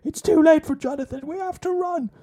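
A panicky zombie film survivor screaming orders, high strained yell. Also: male voice, fairly quick. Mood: urgent.

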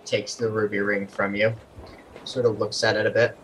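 A man narrating as game master in a relaxed manner, often hedging his words. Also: on the low side, moderate pace, slight background noise, low-quality recording.

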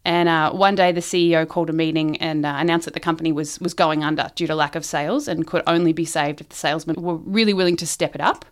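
A woman telling a long shaggy dog joke in casual chat. Her voice sits a little low, and she keeps giggling and wandering through her setup with ums and false starts. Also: fairly even intonation, quick pace, few pauses. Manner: giggly, rambling, with many ums and restarts. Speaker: joke teller.

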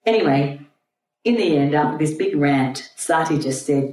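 A woman's voice: extremely low pitch, moderate pace, dark tone. A woman teacher retelling a myth to a group in a chatty, irreverent storytelling way. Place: room with an audience. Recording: roomy, distant mic, faint hum.

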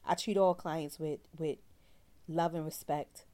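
Slangy, candid woman with a lowish voice. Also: a little slow. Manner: animated, slangy, acts out quoted voices. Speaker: therapist. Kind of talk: candid personal storytelling.

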